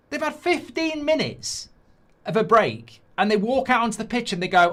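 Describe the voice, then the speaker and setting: A man's voice: very high voice, big pitch swings, moderate pace, a bit bright. A middle-aged man hosting a live football watchalong, ranting and swearing, mocking people in whiny voices and reading chat messages aloud.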